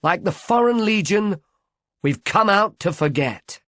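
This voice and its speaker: A man's voice: high voice, animated, unhurried, fairly bright tone, dry recording, voice pushed up. A man voicing a playful, witty young man who proposes with theatrical flair. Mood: jaunty. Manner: teasing, theatrical.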